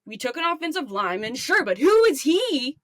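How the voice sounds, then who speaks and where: A woman's voice: high voice, big pitch swings, brisk, a bit bright, no room sound, pitched above the performer's own voice. A woman playing a furious fan calling in to a sports radio show, ranting and swearing.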